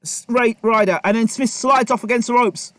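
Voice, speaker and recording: A boxing commentator calls a live match, reporting punches as they land, urging the fighters on, and talking to them in an excitable, repetitive way. His voice is very high for a man, at a moderate pace, and the sound is close and dry with no room sound.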